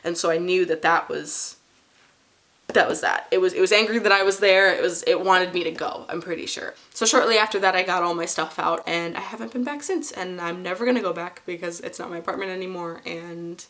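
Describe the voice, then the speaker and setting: A woman's voice: on the low side, a little fast, fairly bright tone. Young woman, twenties, casual storytime vlog, rambling, lots of fillers. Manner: rambling, many fillers and restarts. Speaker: vlogger telling a story.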